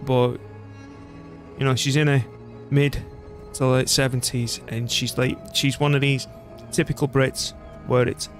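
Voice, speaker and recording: A man's voice: mid-range voice, little pitch movement, unhurried, pauses often. British guy rambling over his game stream, easygoing mid voice, bit of music behind. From Britain. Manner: rambling, chatty, self-deprecating. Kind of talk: casual gameplay commentary.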